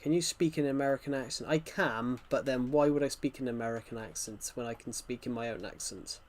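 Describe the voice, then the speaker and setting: A man's voice: mid-range voice, quick pace. A young British man casually chatting with viewers while he plays, answering their questions as they come. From United Kingdom. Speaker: gaming streamer. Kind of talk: casual livestream chat while playing.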